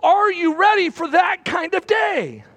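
A man preaching a sermon from a church platform, swinging between loud bursts and hushed, repeated phrases. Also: very high voice, sing-song, unhurried. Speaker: pastor. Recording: long hall reverb.

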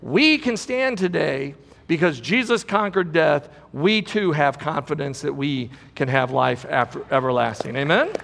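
A man's voice: fairly high pitch, measured pace, creaky, fairly bright tone, big-room sound. A man preaching a sermon as pastor, emphatic and repetitive, asking the congregation rhetorical questions.

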